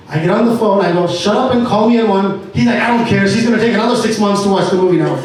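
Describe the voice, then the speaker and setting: A man speaking at an entrepreneur meet-up, telling a lively story and acting out what people said. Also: sits high, fast talker, hardly any pauses. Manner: animated storyteller acting out dialogue. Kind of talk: animated storytelling talk. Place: event venue. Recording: echoey room from far off with faint ambience.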